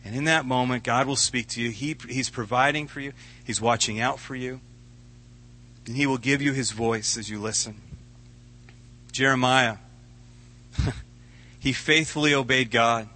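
Male pastor, sermon, bright forceful voice, earnest and conversational. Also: mid-range voice, steady tone, a little slow, long pauses. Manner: earnest, conversational preaching with repeated words.

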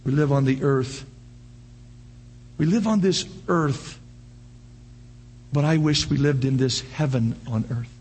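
An older man preaching a sermon, firing off rhetorical questions and breaking into animated shouts. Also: mid-range voice, slow pace, long pauses, husky. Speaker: pastor.

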